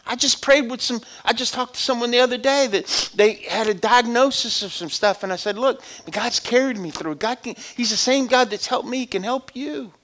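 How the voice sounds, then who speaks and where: A middle-aged man preaching a personal testimony as a sermon, conversational, swinging from loud exhortation to hushed storytelling. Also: extremely high pitch, moderate pace, hardly any pauses.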